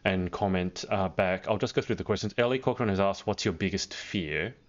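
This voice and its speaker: An Australian man hosting a casual live interview, reading out viewer comments in a relaxed, joking way. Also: sits low, a little fast. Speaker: interview host. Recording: dull lo-fi stream audio.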